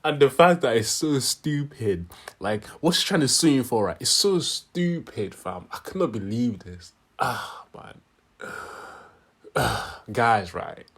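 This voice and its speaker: A man's voice: mid-range voice, lively intonation, a little slow, husky. A young man with a Yorkshire accent tinged with Nigerian, rambling through casual solo commentary from his room, chuckling often. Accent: Yorkshire English with a Nigerian tinge. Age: young adult. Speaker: channel host.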